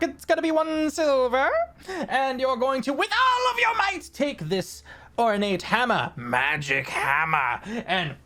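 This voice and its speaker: A woman voicing a portly, jolly male halfling running a carnival game, loud and excited. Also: high-pitched, pitched above the performer's own voice.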